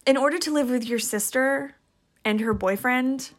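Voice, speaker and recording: A woman's voice: high-pitched, moderate pace. A woman on a podcast telling a personal story in a chatty, rambling way, full of "like"s. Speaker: podcast guest. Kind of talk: casual storytelling.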